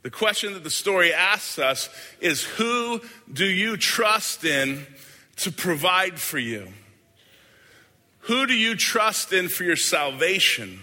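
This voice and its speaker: A man preaching a sermon as a pastor, earnest and deliberate, often letting his lines fade softly at the end. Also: sits high, sing-song. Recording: hall with long reverb.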